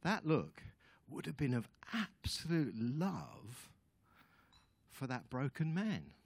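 A man as guest speaker giving a sermon, telling the story in an animated way with chatty asides to the audience. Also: medium pitch, slow pace, slightly rough, no room sound.

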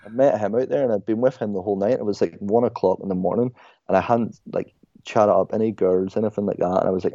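Speaking fast in a low, dark, steady voice, the young Irish guest, once a soccer player, spins stories in a relaxed podcast chat over a call. He's chatty and keeps saying "mate." The recording is dry and lo-fi.

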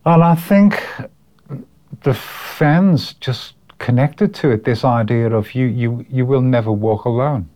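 A man's voice: mid-range voice, slow pace, dark tone. Older Liverpool man reminiscing. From Liverpool, England. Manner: chatty and reminiscing, chuckles often, repeats words. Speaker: guest musician. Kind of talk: casual interview storytelling.

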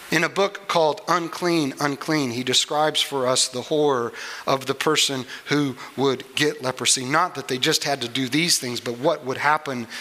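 A man preaching a sermon, earnest and unhurried, with small restarts as he explains a Bible passage. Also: on the high side, pushed and bright, poor audio. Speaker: pastor.

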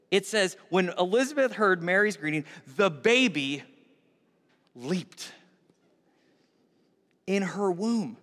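A man preaching a sermon as pastor, telling the story with lively, animated acting-out of scenes. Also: very high-pitched, in a large hall.

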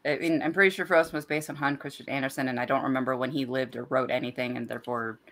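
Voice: medium pitch, steady tone, fast talker, fairly bright tone. A podcast co-host in casual chat, speaking hesitantly and trailing off while explaining myths.

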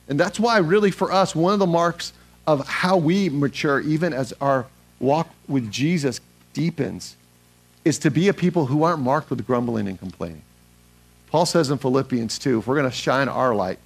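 A man's voice: fairly high pitch, creaky. A male pastor preaching a sermon, emphatic, putting questions to the congregation and repeating phrases for stress. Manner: asks the congregation questions and answers them himself.

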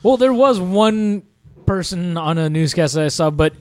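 A man's voice: high voice, animated, normal speed, no room sound. A man co-hosting a podcast in casual chat, rambling with many fillers and frequent laughs. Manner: rambling, laughs often, lots of "like". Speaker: podcast co-host.

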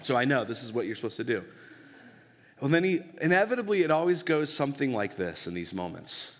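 A man's voice: mid-range voice, sing-song, fairly quick, a bit bright. A man in his thirties preaching a sermon in a conversational, storytelling way and often checking for the audience's agreement. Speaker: pastor. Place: church. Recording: long reverb of a church hall.

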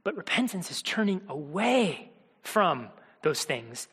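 A man preaching a sermon, earnest, moving between hushed quiet passages and urgent, pressing ones. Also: a little high, very animated, takes it slowly, slightly rough. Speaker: pastor. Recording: long hall reverb.

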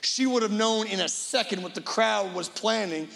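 A man's voice: high-pitched, moderate pace, gravelly, a bit bright, in a large hall. A middle-aged male guest preacher giving a dramatic storytelling sermon, acting out imagined voices.

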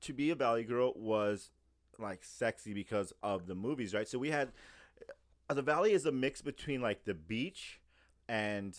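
A man's voice: medium pitch, moderate pace. A man, co-hosting a casual chat, ranting with lots of profanity. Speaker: podcast co-host.

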